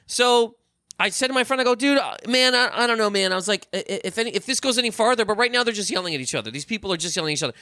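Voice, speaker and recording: Animated swearing comedian telling stories. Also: male voice, high-pitched, very fast, no echo, studio quality. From Canada. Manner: animated, swearing, acts out quotes. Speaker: comedian guest. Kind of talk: casual storytelling.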